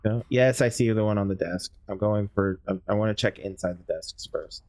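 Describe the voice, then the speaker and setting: A man hosting a gaming channel, giving casual gameplay commentary in a low-key, hesitant, apologetic way. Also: brisk, a little mellow.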